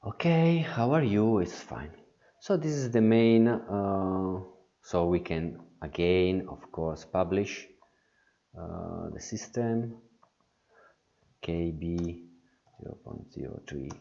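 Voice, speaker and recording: Deep slow guy, ums and uhs through a software walkthrough, dull lo-fi sound. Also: creaky. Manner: hesitant, many fillers and restarts. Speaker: software tutorial presenter. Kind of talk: screen-recorded software walkthrough.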